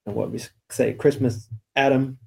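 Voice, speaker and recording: A man co-hosting a weekly church podcast, with a mellow, darker tone. He talks in an easygoing, chatty way and tells stories with light laughs. His pitch sits in the middle range. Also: steady tone, moderate pace, vocal fry. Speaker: church staff podcast co-host. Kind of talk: casual church podcast chat.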